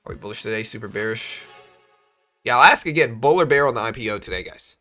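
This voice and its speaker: A young man hosts a live market-trading stream in a loose, slangy chat style, calling out viewers' comments as they come in. His voice sounds bright and forward. Faint music runs quietly underneath. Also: mid-range voice, quick pace. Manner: chatty, slangy, reads chat aloud, animated when joking. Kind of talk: casual livestream chat.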